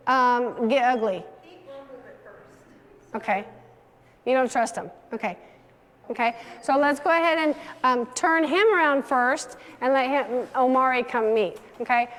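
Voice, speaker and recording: A woman dog trainer leading a hands-on class, giving direct instructions and coaxing the dogs in a sing-song. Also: sits high. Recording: long hall reverb.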